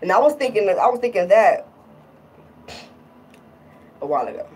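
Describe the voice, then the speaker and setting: A woman's voice: mid-range voice, big pitch swings, moderate pace, darkish tone, far from the mic, a little hiss or hum, rough recording. A woman talking casually in a vlog, irritated and rambling, often repeating herself. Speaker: vlogger.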